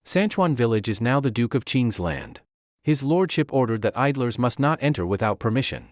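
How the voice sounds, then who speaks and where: A man's voice: medium pitch, big pitch swings, normal speed, no room sound, clean studio sound, natural voice. Man voicing a blunt village guard. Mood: dismissive.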